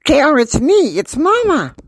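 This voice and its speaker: A man doing a shrill high-voiced mother. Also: animated, takes it slowly, a bit bright, no echo, exaggerated voice. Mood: pleading. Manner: high falsetto. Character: shrill anxious mother, woman, middle-aged.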